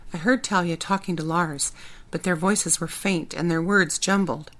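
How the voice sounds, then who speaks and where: Woman author narrating her audiobook, first person, low and steady. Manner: plain, steady storytelling.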